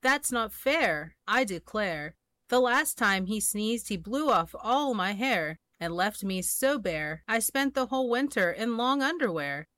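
A woman's voice: a little high, animated, measured pace, a bit bright, no echo. A woman voicing a sulky male bear in a storybook, complaining dramatically.

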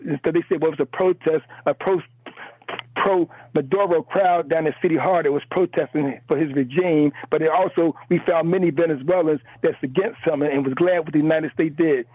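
Male call-in caller, fired up, repeats himself; husky, high-pitched, thin phone sound. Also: fairly even intonation, brisk, no echo. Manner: emphatic, repeats words, rambling. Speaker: radio show caller. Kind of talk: impassioned call-in commentary. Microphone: telephone. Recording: tinny phone line.

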